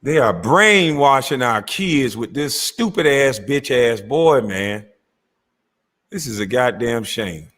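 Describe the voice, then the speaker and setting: Husky, heckling man reacting to a clip. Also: medium pitch, animated, slow, a bit bright. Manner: profane, incredulous and heckling. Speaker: reaction commentator.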